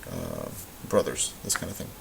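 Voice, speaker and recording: A man teaching a recorded Spanish grammar lesson, explaining in a relaxed way with lots of ums and uhs. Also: a bass voice, moderate pace, vocal fry, poor audio. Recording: faint hiss.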